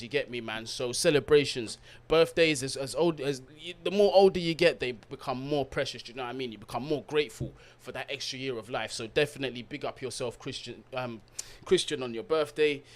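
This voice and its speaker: A man hosting a live football watch-along, reading out viewers' comments and giving them shout-outs in an upbeat, slangy way. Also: medium pitch, a little fast. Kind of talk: live-stream chat.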